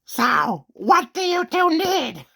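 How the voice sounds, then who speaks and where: Very high squeaky helper, swoopy and drawn-out, bright, gravelly. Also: male voice, huge pitch swings, heavily acted. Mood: curious. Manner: singsong, drawn-out. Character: squeaky high-voiced male helper character. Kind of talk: comedy skit.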